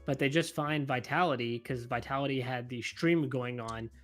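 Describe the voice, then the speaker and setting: A man's voice: medium pitch, moderate pace, faint music behind. A man co-hosting an esports podcast, chiming in conversationally with his opinions on the news. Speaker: podcast co-host. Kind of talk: casual esports podcast chat.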